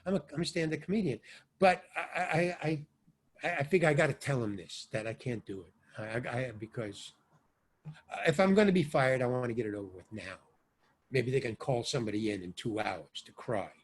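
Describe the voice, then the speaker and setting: Husky older man telling rambling stories. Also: mid-range voice, a little fast. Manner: rambling, animated storyteller with sudden loud and soft swings. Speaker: interview guest, actor and stand-up comedian. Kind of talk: casual anecdotal storytelling.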